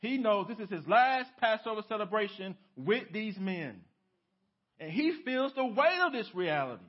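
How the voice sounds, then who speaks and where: A man preaching a sermon as pastor, dropping to hushed lows and rising to emphatic peaks, with many rhetorical questions to the congregation. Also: sing-song, moderate pace, lo-fi sound. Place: church sanctuary.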